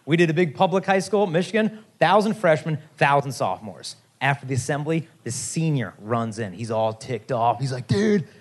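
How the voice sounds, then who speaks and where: Lively man telling stories to teens. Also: mid-range voice, moderate pace, few pauses. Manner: lively, jokey, addresses the crowd directly. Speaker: youth chastity speaker. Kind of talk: animated storytelling talk to a teen assembly.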